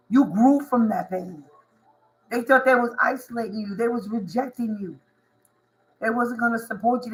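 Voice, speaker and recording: A woman's voice: on the high side, rough recording. Emphatic slangy woman tarot reader. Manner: emphatic, preachy, slangy, repeats herself. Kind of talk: spiritual tarot reading to viewers.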